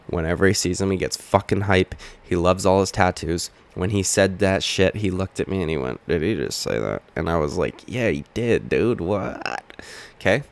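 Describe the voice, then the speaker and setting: Profane, ranting man with a lowish voice. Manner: profane, combative, heated. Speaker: MMA commentary channel host. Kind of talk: ranting video commentary. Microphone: webcam or camera mic.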